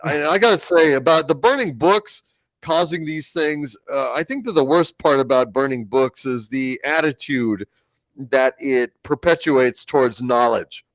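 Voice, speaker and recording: A man's voice: medium pitch, fairly bright tone, no room sound, rough recording. A man co-hosting a casual live stream, speaking in an articulate, lecturing way with formal words and stammered restarts. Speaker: co-host.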